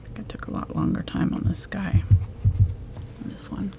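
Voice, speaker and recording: A woman teaching a live acrylic painting tutorial, talking in a soft, relaxed way and often dropping to a whisper. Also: moderate pace, background noise. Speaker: painting instructor.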